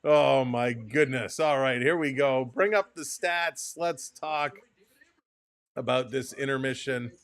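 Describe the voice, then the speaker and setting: A man hosting a live hockey watch-along, calling the play and chatting with viewers, quick to laugh. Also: mid-range voice, smooth, dry recording. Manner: excitable, laughs often, reads out viewer comments.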